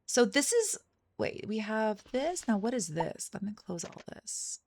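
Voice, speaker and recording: A woman's voice: fairly high pitch, very animated, unhurried, a little mellow. A woman hosting a game walkthrough, chatting casually and thinking aloud as she plays. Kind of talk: casual gameplay commentary.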